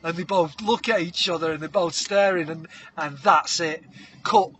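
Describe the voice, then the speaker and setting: A man, co-hosting a podcast and spinning an animated comic story, breaking into shouted character voices and hummed tunes. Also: fairly high pitch, normal speed, slight background noise. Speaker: podcast co-host.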